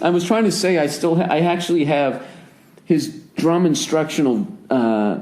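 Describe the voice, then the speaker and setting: A man in his forties from the United States, hosting a casual podcast chat and telling stories with lots of swearing and sudden jumps up in pitch when he rants. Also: normal speed. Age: 40s. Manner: profane, animated storyteller who swings his voice up high when ranting. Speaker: podcast host.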